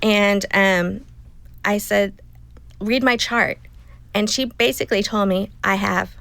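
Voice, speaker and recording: Creaky-voiced woman in her fifties. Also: medium pitch, fairly even intonation, takes it slowly, fairly bright tone, no room sound, low-quality recording. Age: 50s. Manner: emotional, retelling dialogue in quotes. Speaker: guest. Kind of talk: personal story in conversation.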